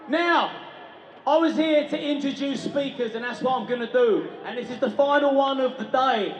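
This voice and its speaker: A man's voice: very high voice, moderate pace, lo-fi sound. A man compering an outdoor rally through a handheld mic, joking and rousing the crowd. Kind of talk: shouted rally speech. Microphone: handheld mic over a PA. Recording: echoey PA in a noisy street crowd. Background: crowd noise.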